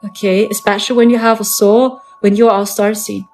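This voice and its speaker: A woman speaks English with a German accent, at a middle pitch, in an earnest, repetitive live-stream monologue. She leans on her points by saying them twice. Faint music plays behind her. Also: flat delivery, fairly quick, darkish tone. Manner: earnest, repetitive, emphatic phrasing.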